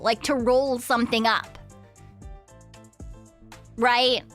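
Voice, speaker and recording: A woman's voice: high-pitched, slow pace, pauses often, bright, forceful tone, soft background music. A young woman streaming a game, chatting in a playful, rambling way, swearing and giggling often. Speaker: VTuber streamer. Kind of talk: casual live-stream chat.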